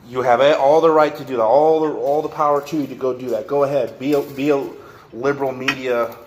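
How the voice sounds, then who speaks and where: A man in a workshop rants straight to camera in a voice of ordinary middle pitch. He rambles, stumbles over restarts and swears freely. Steady clinks and clatter of metal and dishes run clearly behind him. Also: echoey room, noisy background. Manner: rambling, profane, repeats and restarts. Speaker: vlogger. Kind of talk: rant to camera.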